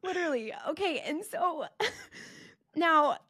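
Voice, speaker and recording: A woman in her twenties co-hosting a podcast, telling a story in a lively, laughing way. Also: very high-pitched, slow pace, dry recording, clean studio sound. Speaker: podcast co-host. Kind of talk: casual chat.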